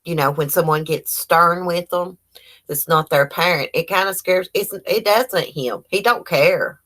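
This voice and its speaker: A woman, chatting casually on a livestream and telling animated stories full of quoted dialogue. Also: fairly low pitch, unhurried. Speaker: livestream host.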